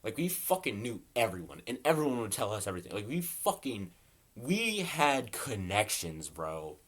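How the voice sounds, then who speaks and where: Low-voiced young man rambling a storytime. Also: sing-song, moderate pace, fairly bright tone. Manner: rambling and profane, heavy on "like" and "bro". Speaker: storytelling vlogger. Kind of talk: casual storytime. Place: his bedroom at home.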